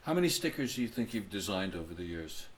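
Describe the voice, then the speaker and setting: A man's voice: deep voice, very animated, fast. A man co-hosting a radio talk show, asking questions casually and often restarting his sentences. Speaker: radio co-host. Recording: distant mic, faint background hum.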